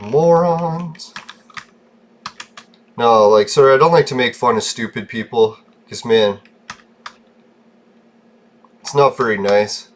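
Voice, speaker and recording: A man's voice: fairly low pitch, a little slow, long pauses. Foul-mouthed ranting gaming vlogger, a man. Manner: profane, ranting, easily irritated. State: short-tempered. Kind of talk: casual gameplay commentary.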